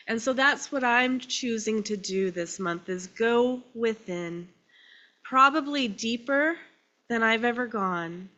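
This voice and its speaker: A woman minister preaches very slowly, her voice choked with tears between short phrases. Her voice is bright and fairly high. The recording sounds dull and lo-fi. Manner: slow, emotional and tearful, with pauses between phrases. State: crying. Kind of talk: sermon.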